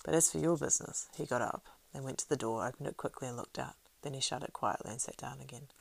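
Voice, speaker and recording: A woman narrating a storybook aloud in a steady, unhurried reading. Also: extremely low pitch, gravelly, slightly rough. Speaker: audiobook narrator.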